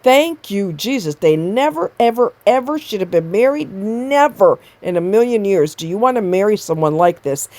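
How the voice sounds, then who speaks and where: A woman's voice: mid-range voice, darkish tone, no echo. Exasperated woman ranting, blunt and profane. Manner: blunt, exasperated, swears freely. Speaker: commentator reacting to a video. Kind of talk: ranting commentary.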